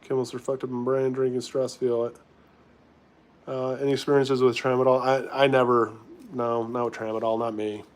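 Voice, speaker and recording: A man's voice: medium pitch, flat delivery, normal speed. A man hosting a casual live stream, reading viewer questions aloud and answering them offhand. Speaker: livestreamer in recovery.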